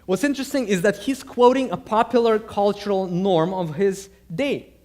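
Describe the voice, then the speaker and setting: A man's voice: high-pitched, normal speed, a little mellow. A male pastor delivering a sermon in a conversational, storytelling way, often restarting his phrases.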